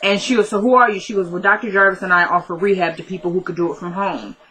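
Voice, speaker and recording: A woman's voice: fairly low pitch, steady tone, quick pace, pushed and bright, rough recording. A woman casually recapping a TV drama episode, chatty and retelling scenes by quoting the characters.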